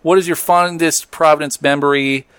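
A man's voice: a little high, steady tone, moderate pace, a bit bright, clean tone, dry recording, studio quality. A man hosting a podcast, chatting casually, joking and reading out listener messages. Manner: loose, joking, laughs easily. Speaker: podcast host.

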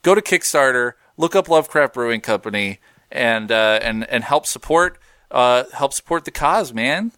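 Lively joking male podcast host. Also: medium pitch, normal speed, clear, resonant tone, no echo, clean studio sound. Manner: animated, joking, laughs easily. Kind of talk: casual podcast banter.

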